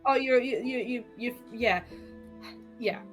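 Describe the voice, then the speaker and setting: A woman's voice: on the high side, unhurried, faint music behind. A woman speaking in character in a tabletop role-playing game, earnest and lecturing, often repeating herself. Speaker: player.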